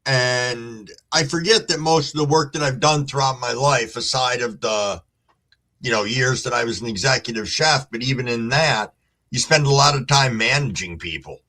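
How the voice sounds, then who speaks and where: A man's voice: medium pitch, normal speed, pushed and bright. A middle-aged man hosting a casual livestream, greeting viewers by name and reading chat aloud in a laid-back way. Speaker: livestream host.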